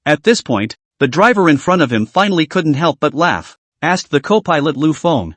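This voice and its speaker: A man's voice: on the high side, animated, moderate pace, dry recording. A man narrating a comic story in a plain storytelling manner.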